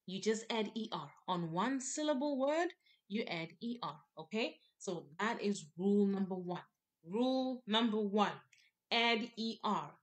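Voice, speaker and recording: Woman teacher going over grammar real slow, repeats everything, mid-pitched voice. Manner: patient, repetitive, emphatic explanations. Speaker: English teacher. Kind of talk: classroom grammar lesson.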